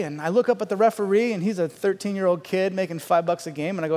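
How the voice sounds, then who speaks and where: A middle-aged man telling a comic story on stage, animated, with loud outbursts and hushed asides. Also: high-pitched, fast talker. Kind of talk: stand-up storytelling. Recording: long reverb of a large hall.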